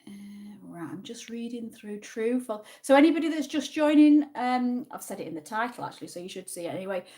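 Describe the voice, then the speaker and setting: A woman with a northern English accent hosts a relaxed livestream, chatting freely and reading viewers' comments aloud. She talks in an easygoing, friendly way and answers viewers as if they were in the room with her. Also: on the high side, brisk. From Yorkshire, England. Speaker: livestream host. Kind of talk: casual livestream chat with a quiz.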